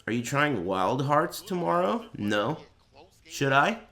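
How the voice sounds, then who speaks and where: A man's voice: mid-range voice, slow, creaky. A man hosting a livestreamed podcast in casual chat, telling stories animatedly with a lot of swearing and laughter. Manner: profane, animated storytelling with frequent laughter. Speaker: streamer and podcast host.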